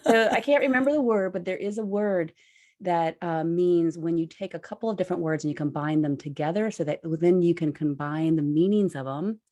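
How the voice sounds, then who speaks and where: A woman hosting a casual podcast conversation, animated and self-deprecating, laughing easily. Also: fairly low pitch, fairly quick. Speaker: podcast host.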